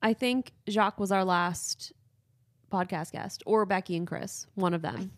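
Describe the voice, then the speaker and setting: A woman's voice: mid-range voice, measured pace. Woman, podcast co-host, casual rambling chat, lots of "like". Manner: rambling, filler-heavy, laughs through tears.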